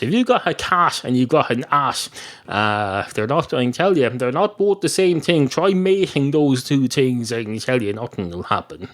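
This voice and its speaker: An Irish man riffs through a rambling comic monologue, deadpan and sardonic. His pitch swings up and down a lot as he goes. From Ireland. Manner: deadpan, meandering, sardonic asides. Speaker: podcast host.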